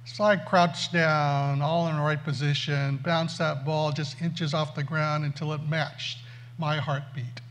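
A man tells a funny story from the pulpit and pokes fun at himself. He keeps it animated, and his voice sits a little high and swings widely. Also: measured pace. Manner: animated, self-mocking storyteller. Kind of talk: storytelling sermon.

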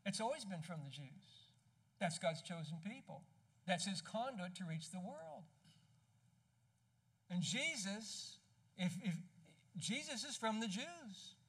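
A man with a notably high voice preaches a sermon, pressing each point home with emphasis. He keeps it conversational and throws rhetorical questions at the congregation as he goes. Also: animated, takes it slowly, long pauses, a bit bright, breathy edge. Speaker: pastor.

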